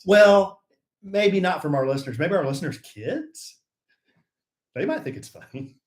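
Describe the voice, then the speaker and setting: A man co-hosting a podcast in casual banter, playful and giggly. His pitch swings in a lively way. The room adds a noticeable echo. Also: measured pace. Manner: playful and giggly, fond of silly jokes. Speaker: podcast co-host.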